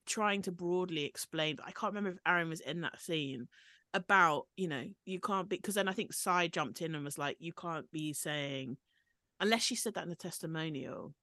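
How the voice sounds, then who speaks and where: A woman's voice: on the low side, moderate pace, no room sound, clean studio sound. A woman co-hosting a podcast, chatting casually and animatedly about a reality show. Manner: chatty, animated, quotes people in mock voices. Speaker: podcast co-host.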